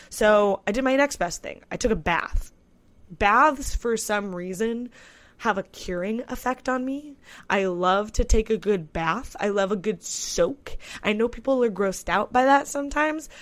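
A young woman in her twenties talks through her own experiences on a podcast, candid and chatty. Her voice sits at a middle pitch for a woman, and she tells the story loosely, with "I was like" asides. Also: a bit bright. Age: 20s. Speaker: podcast host. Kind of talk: casual solo podcast monologue.

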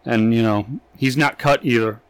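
A man's voice: mid-range voice, normal speed, clear, resonant tone, dry recording, rough recording. A young man co-hosting a comedy podcast, ranting and swearing freely. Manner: ranting, profane, riffing. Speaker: podcast co-host. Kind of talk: crude comedic chat.

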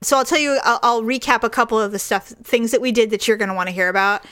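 A woman podcast co-host from California, chatting casually and telling a story with lively acted-out voices. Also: on the high side, fast talker. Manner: animated, acts out voices in anecdotes.

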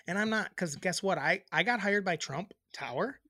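Gravelly, lively-voiced podcast co-host man. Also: normal speed, no room sound, studio quality. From Chicago. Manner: teasing, swears freely, drops to a low murmur. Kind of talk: casual chat.

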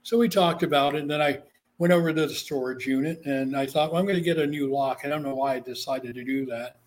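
A middle-aged man, an author and interview guest, telling stories in a lively way and acting out the voices of the people in them. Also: mid-range voice, fast talker. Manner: animated, acts out the voices in his stories. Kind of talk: storytelling in an interview.

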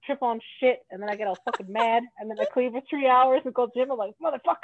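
A woman's voice: fairly high pitch, fast talker, dry recording. A woman in casual chat, blunt and rambling, swearing freely as she talks. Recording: tinny phone-like sound.

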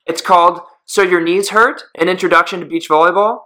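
A man's voice: sits high, fairly even intonation, fairly quick, pushed and bright. A man hosting a podcast, chatting and teasing his guest in a joking way. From Canada. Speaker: podcast host. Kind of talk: casual podcast chat.

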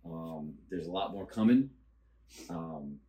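A man co-hosting a podcast in casual chat, earnest and halting as he searches for words. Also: low-pitched, lively intonation, mellow. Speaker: podcast co-host. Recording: echoey room.

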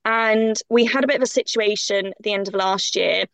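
Woman, podcast guest, emphatic, impassioned, gravelly fry, dead dry sound. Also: mid-range voice, fairly quick, a bit bright, no room sound. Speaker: guest coach. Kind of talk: podcast conversation.

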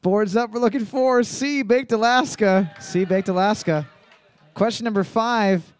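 Guy hosting bar trivia, high voice, drags out the questions, cracks jokes in between. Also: clean tone. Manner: reads questions twice, slow and drawn out, jokes between. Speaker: trivia host. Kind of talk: live bar trivia hosting with joking banter.

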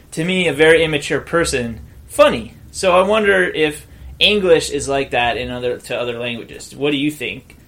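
A man's voice: fairly high pitch, fairly bright tone. A man co-hosting a podcast in casual chat, giggly and musing. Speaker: podcast co-host.

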